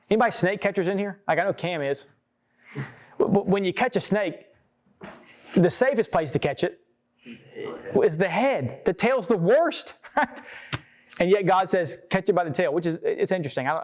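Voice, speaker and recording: A man teaching scripture to a group, reading verses aloud and talking them through in a casual, conversational way with frequent asides and restarts. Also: a little high. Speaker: pastor. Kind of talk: sermon-style Bible teaching.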